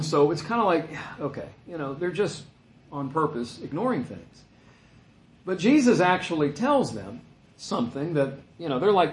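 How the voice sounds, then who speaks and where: A man teaching a Bible passage in a relaxed, conversational way, growing animated when he acts out quotes. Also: mid-range voice, roomy sound, slight background noise. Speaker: pastor.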